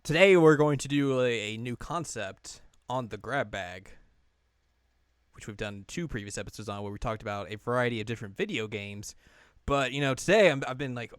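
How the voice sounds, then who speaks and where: A man co-hosting a chatty podcast, with a smooth, clear voice recorded dry and close on the mic. He jokes and laughs often and fills his talk with "like" and "you know". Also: medium pitch, a little fast, no echo. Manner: jokey, laughs often, many fillers. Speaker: podcast co-host. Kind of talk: casual chat.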